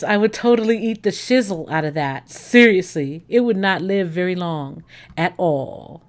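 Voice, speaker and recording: A woman hosting a casual livestream, chatting excitedly. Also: fairly low pitch, measured pace. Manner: excitable, gushing, talks to viewers. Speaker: livestream host.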